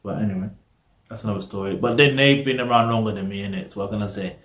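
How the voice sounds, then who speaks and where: A man's voice: fairly low pitch, fast, a bit bright, echoey room. A man hosting a reaction video, rambling casually in slang and talking straight to his viewers.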